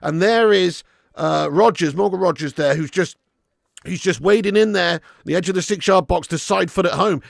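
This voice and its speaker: A man hosting a live football watch-along, who shouts at the big moments and laughs a lot between them. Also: fairly high pitch, normal speed, gravelly, no echo, clean studio sound. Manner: excitable, shouts at goals, laughs often.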